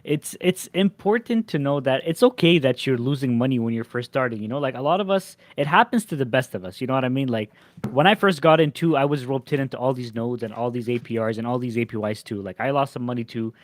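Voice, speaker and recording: A man's voice: medium pitch, fast talker, no echo. A man hosting a casual podcast interview, talking loosely and repeating words as he thinks. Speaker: show host.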